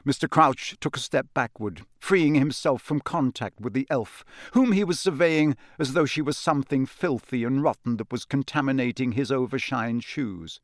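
A man with a medium-pitched voice narrates an audiobook from a script, telling the story in a measured yet expressive way. The recording is dry and of studio quality.

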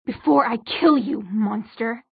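A frantic mother yelling through a locked door, her voice rough and cracking into near-screams, put on by a woman reading. The audiobook sound is narrow and tinny, with no room around it. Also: a little high, unhurried, no room sound, full character voice. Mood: terrified. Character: terrified mother, shrieking at a son she calls a monster.

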